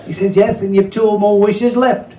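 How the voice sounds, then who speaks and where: Cheeky club comic, high voice. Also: male voice, steady tone, moderate pace, dull audio. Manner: cheeky, crude banter with the crowd. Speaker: club comedian. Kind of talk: bawdy stand-up joke telling. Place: pub or working men's club. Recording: echoey live club recording with loud crowd noise.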